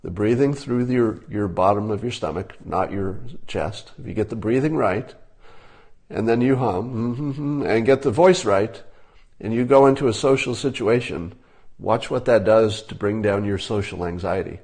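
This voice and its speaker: An older man talking casually, giving relaxed conversational advice and demonstrating tips as he goes. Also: on the low side, moderate pace.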